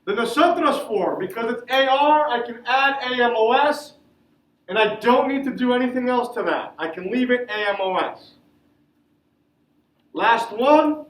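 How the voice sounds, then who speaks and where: High-voiced man teaching a class. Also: unhurried, a bit bright. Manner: questions the class and answers himself. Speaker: Spanish teacher. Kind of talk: classroom lesson. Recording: echoey classroom from far off.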